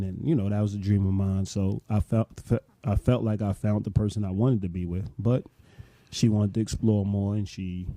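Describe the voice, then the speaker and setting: A man in his late thirties, co-hosting a podcast, telling a story in a relaxed, rambling way full of "you know". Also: fairly low pitch, no room sound. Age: late 30s. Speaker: podcast co-host. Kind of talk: casual storytelling chat.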